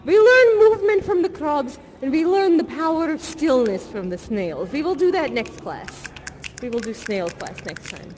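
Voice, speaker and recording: A woman's voice: sits high, expressive, moderate pace, a little mellow. A woman playing an eccentric acting teacher with a non-American accent, chatty and rambling as she earnestly teaches. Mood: upbeat, instructive. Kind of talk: improvised live theatre performance.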